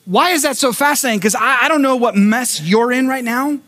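A man's voice: extremely high pitch, a little fast. A middle-aged male pastor preaching a sermon, telling a personal story with acted-out quotes and stumbling restarts. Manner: animated storyteller who acts out quotes and repeats words.

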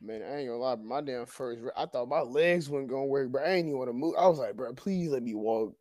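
A man's voice: mid-range voice, quick pace, a little mellow, no echo. A young man co-hosting a casual podcast, joking and telling laughing stories. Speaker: podcast co-host.

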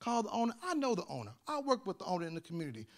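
A man pastor preaching with animated storytelling, repeating words in bursts and building to loud shouts. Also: high-pitched, racing. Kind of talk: sermon.

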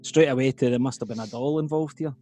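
Male co-host, mid-pitched, sweary and disbelieving, faint music bed. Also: quick pace, dark tone, no room sound. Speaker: podcast co-host. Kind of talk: casual banter.

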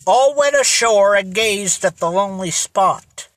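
An audiobook narrator reading a children's mystery at a slow, even pace. The voice is bright and close to the mic, in a dry, dead room. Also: mid-range voice, dry recording. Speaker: audiobook reader.

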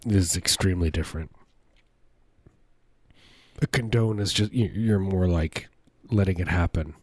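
A man's voice: low-pitched, normal speed, darkish tone, no room sound, clean studio sound. A man co-hosting a comedy podcast, rambling through absurd riffs in playful banter. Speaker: podcast co-host.

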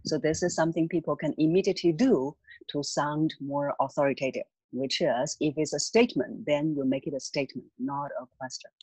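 A voice coach calmly and patiently explaining voice techniques as an interview guest. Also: mid-range voice, a little fast, breathy edge, dry recording, poor audio. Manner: calm, patient, instructive.

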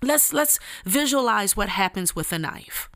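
Woman, bright fry-tinged voice, unhurried emphatic devotional delivery, dry close sound. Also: medium pitch, animated, no echo. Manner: earnest and emphatic, with casual slang and repetition. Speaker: speaker giving a devotional message. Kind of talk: motivational devotional talk.

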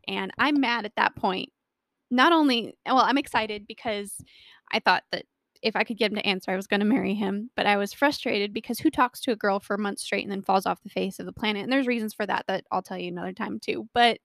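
A young woman shares a personal faith story, acting out each quote with lively energy. Her voice sits a little high and has a gravelly, creaky texture. The sound is dry and close, with no room around it. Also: no echo. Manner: animated storytelling with acted quotes. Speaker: Christian speaker.

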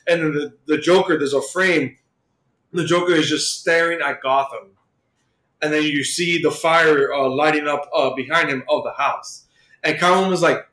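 Podcast co-host, male, higher-pitched, rambling casual retelling, roomy echo. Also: moderate pace, a bit bright. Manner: rambling, many fillers like "like" and "uh". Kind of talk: casual chat retelling a comic plot.

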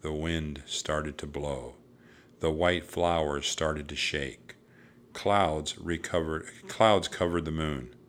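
A man reads a children's storybook aloud with a deep, low voice and an unhurried pace. His tone is bright and crisp, steady and even as he tells the tale. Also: slight background noise. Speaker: narrator.

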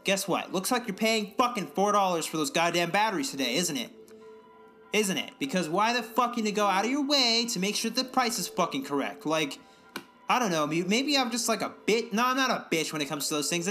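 Young male co-host, profane ranter, high bright voice, light music underneath. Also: lively intonation, brisk. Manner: profane, ranting, mimics others in high voices. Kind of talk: casual profane chat.

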